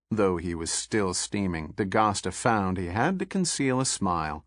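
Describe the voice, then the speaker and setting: Man reading a thriller audiobook, lowish voice, super dry close sound. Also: expressive, moderate pace, few pauses, no echo. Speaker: audiobook narrator. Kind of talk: scripted audiobook narration.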